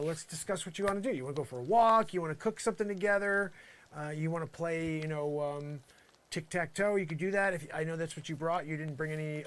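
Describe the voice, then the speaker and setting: A man's voice: a little high, fairly bright tone. A man doing an improvised comedy monologue, rambling with exasperated sarcasm and lots of filler phrases. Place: campsite, pretend outdoors.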